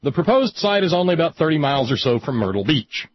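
A man's voice: a little high, fast, slight background noise. A man with a Southern American accent from West Virginia, co-hosting a casual political chat with sarcastic jokes. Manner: joking, sarcastic, animated. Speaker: co-host. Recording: muffled radio audio.

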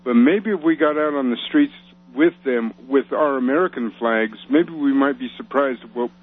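A man debating as a regular guest on a radio talk show, measured and defensive, hedging as he makes his case. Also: mid-range voice, breathy edge. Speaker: regular on-air guest commentator. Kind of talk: radio debate over the phone. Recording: tinny phone line on the radio.

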